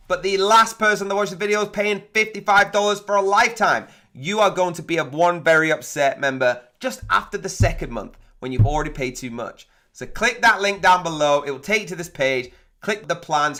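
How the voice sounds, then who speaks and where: A man hosting a software review, rattling off feature lists in an excited, salesy pitch while walking through a website. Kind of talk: excited product review walkthrough.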